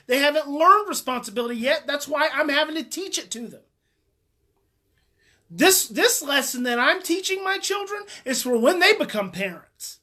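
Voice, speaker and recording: Woman parenting coach, high voice, emphatic and repetitive, direct coaching talk. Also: sharp tone. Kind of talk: live parenting advice talk.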